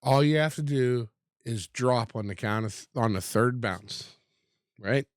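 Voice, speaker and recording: A man chatting as a podcast guest, telling stories in a laid-back way with halting restarts. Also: mid-range voice, dry recording, studio quality. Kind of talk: casual chat.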